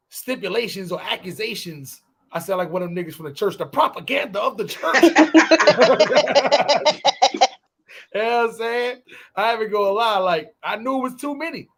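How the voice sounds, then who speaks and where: A man co-hosting a podcast, telling stories in loose, profane casual chat and breaking into shouted impressions. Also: sits high, expressive, brisk, vocal fry, crowd noise. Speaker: podcast co-host.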